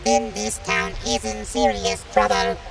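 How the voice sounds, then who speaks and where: Disastro, a woman voicing a squeaky, gravelly monster villain. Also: very animated, a little slow, far from the mic, music in the background. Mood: gloating. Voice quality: squeaky, robotic childlike voice. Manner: gloating, threatening. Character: big scary male monster villain, menacing, broken voice box.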